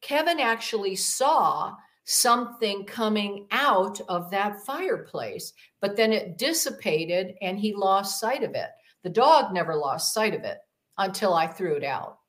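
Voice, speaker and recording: A woman's voice: medium pitch, animated, unhurried, a bit bright. A woman guest telling a personal story in an interview, rambling with many fillers and acting out the voices she quotes. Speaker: podcast guest, demonologist.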